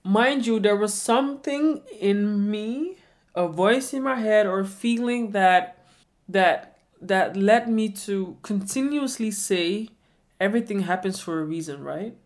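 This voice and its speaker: A woman's voice: medium pitch, takes it slowly. A woman in her twenties telling a personal story in a reflective way, often repeating questions to herself. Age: 20s. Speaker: vlogger.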